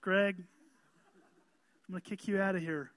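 A man's voice: high-pitched, moderate pace, no room sound. Emphatic male pastor preaching. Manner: emphatic preaching with call-and-response amens; grows louder and more animated. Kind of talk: sermon.

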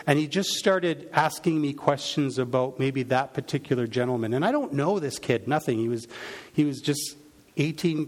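A middle-aged pastor delivering a sermon in a loose, conversational manner, often backing up and restarting. His voice sits in an ordinary male range. The sound carries a long reverb from a large hall. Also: medium pitch. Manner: conversational storytelling with many restarts and fillers.

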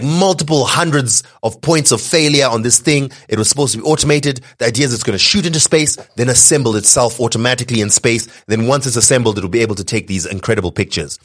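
An excitable man from Zimbabwe co-hosting a podcast, his low voice running on with restarts and asides. The sound is dry and close, with no room around it. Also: no room sound. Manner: enthusiastic, rambling with restarts. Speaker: podcast co-host. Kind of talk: casual podcast chat.

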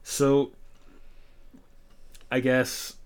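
A man hosting a podcast in casual chat, quick and self-mocking, with hesitant fillers. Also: medium pitch, completely flat delivery, smooth. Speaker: podcast host.

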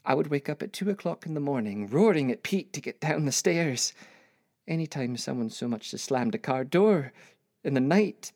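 A woman's voice: very deep voice, mellow, no echo, studio quality. An older woman telling her life story as a reflective dramatic monologue with wry asides. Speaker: narrator.

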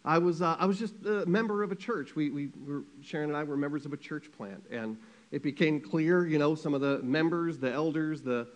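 A man preaching a sermon as a pastor, telling a story in a lively, conversational way with quick asides. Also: on the high side.

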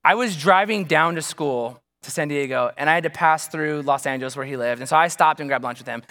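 A man's voice: fairly high pitch, fairly quick, pushed and bright. Conversational man preaching a sermon. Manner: conversational storytelling with rhetorical questions. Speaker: pastor.

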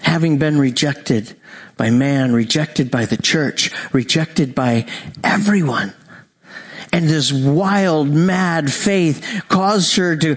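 A man preaching a sermon, telling the story with animated acted-out voices and frequent laughter. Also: high voice.

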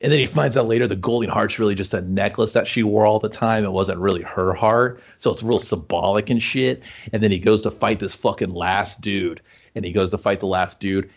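A man rambling through a profane, joking story in casual chat, with a husky voice. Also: on the low side, a little fast.

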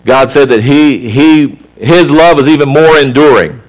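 A man's voice: medium pitch, measured pace. A middle-aged man preaching a sermon. His voice often rises in emphasis, and he briefly imitates children and mothers. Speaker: pastor.

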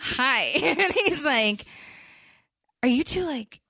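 A young woman from Western New York co-hosting a podcast, telling stories casually and quickly, acting out quotes and swearing freely. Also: sits high, expressive, vocal fry, bright, forceful tone, dry recording. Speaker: podcast co-host. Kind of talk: casual storytelling chat.

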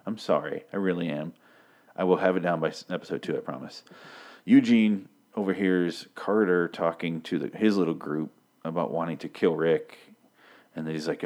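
A man with a low voice recaps a TV episode in loose, rambling chat. He swears freely and keeps stopping to hunt for names. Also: a little mellow. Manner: profane, rambling, loses track of names.

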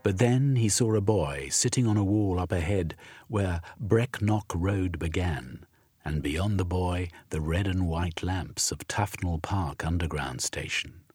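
A man reading a novel aloud as an audiobook narrator, in measured, expressive storytelling. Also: sits low, breathy edge, dry recording, clean studio sound. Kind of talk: scripted narration.

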